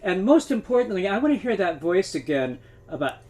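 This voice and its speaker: High-voiced male host on a video call. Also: sing-song, a little fast, darkish tone. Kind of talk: casual chat and introductions.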